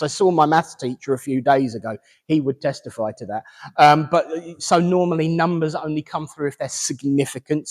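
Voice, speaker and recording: A man, a reverend and medium, giving a chatty, halting mediumship reading at a service. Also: fairly high pitch, darkish tone, in a large hall. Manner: chatty, hesitant, relaying messages with fillers and restarts.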